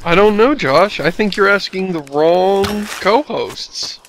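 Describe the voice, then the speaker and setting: A man's voice: sits high, animated, takes it slowly, a bit bright, a little hiss or hum. A man co-hosting a let's play, with dry, wry teasing. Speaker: co-host.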